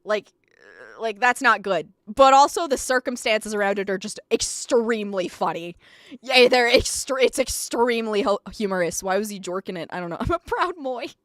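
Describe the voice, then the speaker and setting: A woman streamer giving live reaction commentary, excitable and profane, rambling with frequent laughter. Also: medium pitch, moderate pace, dry recording.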